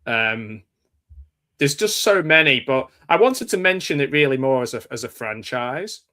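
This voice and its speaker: An English man hosting a live film chat, his voice bright and forward in tone. He talks in a loose, rambling way, stopping and restarting his sentences and leaning on "um" as he thinks aloud. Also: medium pitch, very animated, normal speed. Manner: rambling, hesitant, with many fillers and restarts. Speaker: show host. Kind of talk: casual live chat about films.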